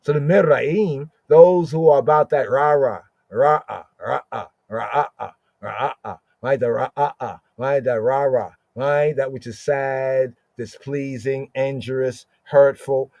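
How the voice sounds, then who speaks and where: Guy doing a scripture lesson podcast, slow and mellow, says "right?" constantly, dry dull-sounding mic. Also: mid-range voice, steady tone, dry recording. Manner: repeats words with frequent "right?" tags, sounds out Hebrew slowly. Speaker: Rastafari scripture teacher.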